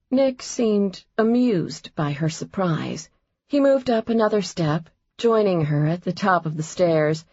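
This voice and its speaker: A woman narrating a romance audiobook in an even, measured reading. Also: mid-range voice, no room sound, dull audio.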